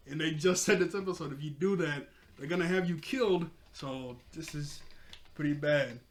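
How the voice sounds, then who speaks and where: A young man talks through an anime episode in a loose, rambling recap. He leans on "like" and "you know" constantly and sounds like an eager fan. His voice sits a bit on the high side. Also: normal speed. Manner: enthusiastic fan. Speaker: anime reviewer.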